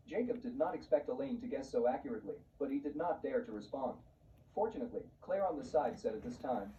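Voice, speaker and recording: A man giving a scripted story narration in a flat, even reading voice. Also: medium pitch, fast. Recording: muffled, distant, faint hiss.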